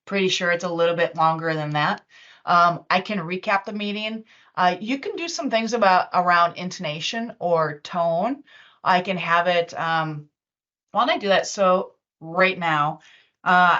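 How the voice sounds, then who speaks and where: Woman, webinar presenter, casual chatty demo, lots of fillers, lowish voice, muffled call audio. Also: a bit bright. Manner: chatty, loose, with many fillers and restarts. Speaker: webinar presenter and user group organizer. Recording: dull lo-fi online meeting audio.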